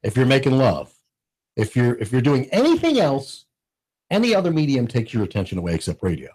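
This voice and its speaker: Casting note: middle-aged man, husky voice, lively pitch, animated and jokey studio chatter. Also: a little fast. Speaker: radio station owner, guest. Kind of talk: casual radio chat. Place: radio studio. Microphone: studio microphone.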